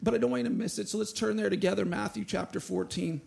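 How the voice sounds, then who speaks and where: A man preaching a sermon to a church, reading scripture and acting out quotes with a rising, animated voice. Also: high voice, fast talker, creaky, slightly rough. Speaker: pastor.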